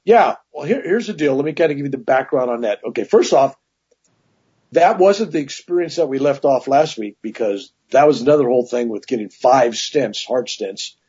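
A man's voice: medium pitch, moderate pace, slightly rough, lo-fi sound. A man telling long personal stories as a guest in a casual interview, with many asides. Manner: rambling, animated anecdotes with many "right?" asides.

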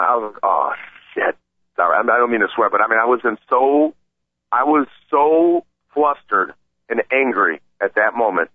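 A man telling a story in a casual chat, excited and rambling, often stammering and restarting. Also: mid-range voice, dry recording. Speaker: podcast regular telling a story. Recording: tinny phone-like sound.

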